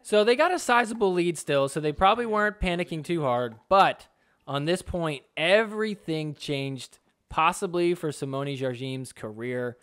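A man's voice: a little high, moderate pace, clean tone. A man hosting a sports podcast, talking casually over match footage and acting out the players' reactions. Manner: chatty, animated, playing out players' reactions. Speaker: podcast host. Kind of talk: casual video commentary.

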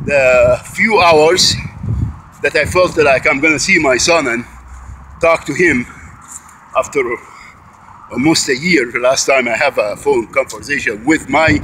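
A man's voice: medium pitch, very noisy. A man out of breath, walking a bike uphill outdoors and angrily accusing, with many restarts and repeated words. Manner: accusing, repetitive, stops and restarts often. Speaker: vlogger. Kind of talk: angry recorded monologue.

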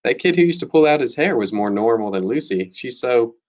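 A man's voice: mid-range voice, expressive, fairly quick, a little mellow, muffled recording, lightly acted. A man voicing a snide, bossy middle-school girl in a read-aloud chapter book. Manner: mocking, bossy.

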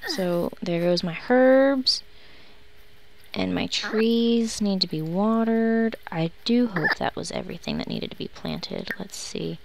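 A woman's voice: medium pitch, big pitch swings, takes it slowly, creaky, background noise. A woman giving casual, sarcastic commentary while playing a life-simulation game, grumbling at her characters. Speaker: let's play host. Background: background music.

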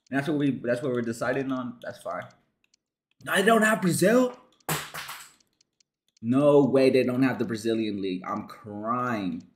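A young gaming streamer with a mid-range voice gives casual, excitable commentary while playing a football video game. He swears, jokes and shouts at the screen.

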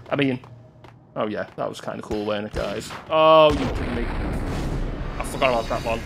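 Excitable gamer over gunfire. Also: male voice, on the high side, noisy background. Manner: excitable, swearing, yelps and laughs at the action. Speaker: gameplay commentator. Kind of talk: let's-play commentary. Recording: game gunfire loud in the mix.

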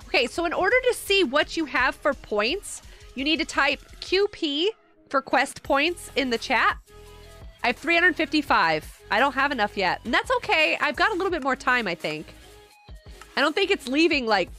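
A high-pitched, chatty middle-aged woman talking through a live game stream, laughing easily and answering her chat. She sounds a bit worn out after a long day. Faint game music plays underneath. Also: very animated, normal speed, sharp tone. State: tired.

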